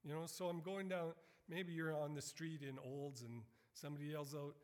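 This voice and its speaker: A middle-aged man preaching a sermon as a missionary, earnest and building to emphatic, animated quotes. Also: on the high side, moderate pace, hardly any pauses. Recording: long hall reverb.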